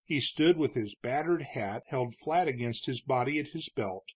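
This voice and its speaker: A man narrating a book in a steady, measured reading voice. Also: medium pitch, slightly rough. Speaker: audiobook narrator. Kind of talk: scripted narration of a western novel.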